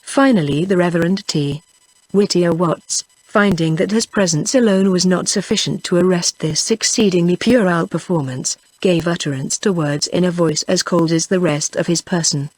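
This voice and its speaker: A text-to-speech woman voice with a British accent, reading a novel aloud at a steady, even pace. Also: fairly low pitch, normal speed, no echo, poor audio. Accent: British English. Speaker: audiobook narrator. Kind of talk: synthetic audiobook narration.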